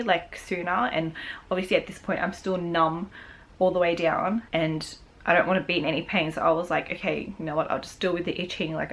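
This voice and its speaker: A young woman vlogger chatting casually and emotionally, rambling with lots of fillers. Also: on the low side. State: tearful. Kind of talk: casual chat.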